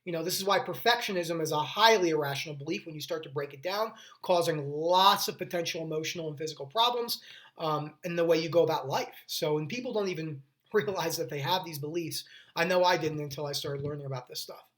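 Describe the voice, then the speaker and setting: A man's voice: on the high side, brisk, fairly bright tone. Earnest rambling man explaining mental health. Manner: earnest, rambling with restarts and tangents. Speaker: mental health video host. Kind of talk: casual talking-head explainer.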